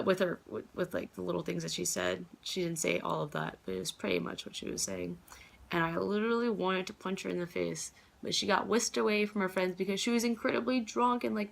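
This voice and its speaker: A young woman in her twenties rambling through a casual vlog. Her voice sits low with a gravelly, fry-heavy texture. She fills her talk with fillers and swears freely. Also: fairly bright tone. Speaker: vlogger.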